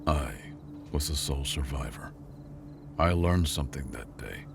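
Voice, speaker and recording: A man voicing a tired, sarcastic human janitor in a sci-fi story, speaking flat and deadpan. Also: very deep voice, measured pace, creaky, music in the background, exaggerated voice.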